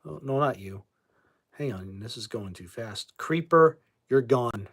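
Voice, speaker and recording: A man's voice: medium pitch, expressive, fairly bright tone, husky. New england guy doing a livestream, chatty and rambly, boots trolls without blinking. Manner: blunt, rambling, quick to kick out trolls. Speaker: livestream host. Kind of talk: casual livestream chat reading viewer comments.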